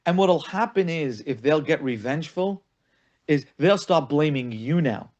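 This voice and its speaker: A man's voice: a little high, unhurried, dull audio. A man, a rabbi, teaching a lesson on marriage, telling stories and acting out the people he quotes, often repeating words for emphasis. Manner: animated storytelling, acting out quoted callers. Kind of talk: spoken lesson.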